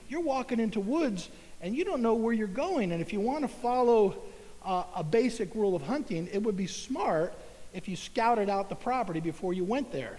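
High-voiced middle-aged man spinning a yarn in a hall. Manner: animated, folksy storyteller with laughs and exclamations. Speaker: speaker at an event. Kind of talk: storytelling talk to a live audience. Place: large hall with an audience. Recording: long hall reverb.

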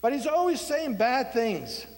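A man's voice: extremely high pitch, big pitch swings, a little slow, big-room sound, pitched above the performer's own voice, heavily acted. A man preaching a sermon, voicing a resentful male king who complains about a prophet. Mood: grumbling.

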